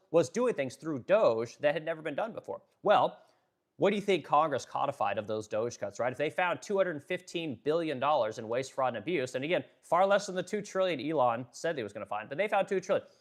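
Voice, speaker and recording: A man's voice: a little high, animated. A man hosting a political livestream, ranting, swearing freely, using many fillers, and stopping to read and answer viewer chat. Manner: fast-talking, ranting, profane, filler-heavy. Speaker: livestream host.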